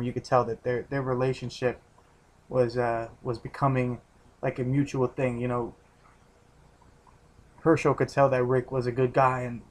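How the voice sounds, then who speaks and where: A man giving a casual, rambling recap of a TV episode, restarting his sentences often and swearing freely. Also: mid-range voice. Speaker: TV episode reviewer.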